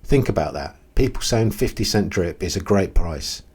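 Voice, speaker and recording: A man with a low, slightly husky voice talks to camera in a casual commentary video. He sounds blunt and exasperated, stopping for ums and restarting his sentences. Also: lively intonation, moderate pace, a little mellow. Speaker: crypto video host.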